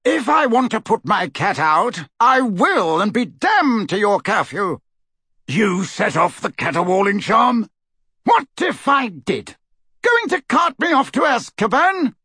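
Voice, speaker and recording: A man reading an audiobook voices a gruff, scornful old male barman who talks bluntly and sarcastically. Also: high voice, very animated, slow pace, sharp tone, no room sound, clean studio sound, pitched above the performer's own voice, exaggerated voice. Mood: roaring defiance.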